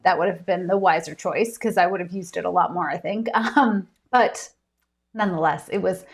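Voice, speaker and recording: An author hosting a casual live stream from home, chatty and giggly with many ums. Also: female voice, fairly low pitch, normal speed, creaky.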